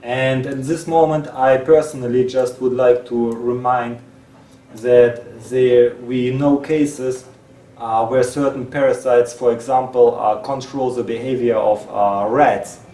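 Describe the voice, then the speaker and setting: This man presents in Russian, his first language, reading a text and inserting asides while often halting, repeating, and restarting. His medium-pitched voice is flat, slow, and mellow, and the roomy recording from a distant mic carries faint hiss.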